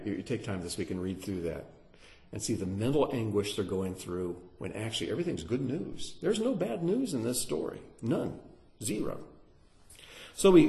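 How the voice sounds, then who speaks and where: A man teaching through a Bible passage in an animated, dramatic sermon style, sometimes acting out the characters. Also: mid-range voice. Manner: animated, dramatic, acts out voices.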